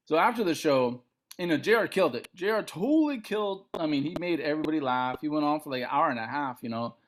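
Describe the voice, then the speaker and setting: A middle-aged man from Montana, a comedian guest telling a story on a podcast, acting out other people's lines. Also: fast. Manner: animated, acts out other people's lines with big pitch jumps.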